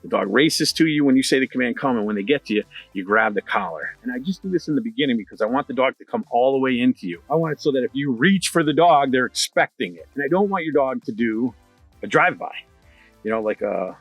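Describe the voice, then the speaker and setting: Middle-aged man, dog trainer, energetic coaching talk, dry close sound, faint music behind. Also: medium pitch, fast talker, breathy edge, dry recording. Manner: energetic, repeats key points, conversational fillers. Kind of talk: instructional talk to camera.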